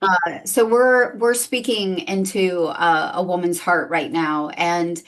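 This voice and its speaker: A woman's voice: lowish voice, fairly even intonation, takes it slowly. A woman hosting a faith-based interview podcast, asking guests earnest, reflective questions. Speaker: podcast host.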